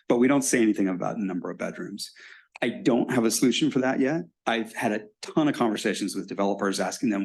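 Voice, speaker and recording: A middle-aged man speaks with a fairly low voice, answering residents' questions as mayor at a city hall meeting. He talks frankly and explains things plainly in a conversational way. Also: fast talker, gravelly. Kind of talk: public meeting Q&A.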